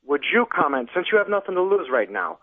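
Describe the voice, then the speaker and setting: A male caller with a slightly higher voice asks his question formally, stumbling over pauses. He comes through a tinny phone line, dry and narrow. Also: sing-song, no room sound. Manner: hesitant and formal, many "uh"s. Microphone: telephone.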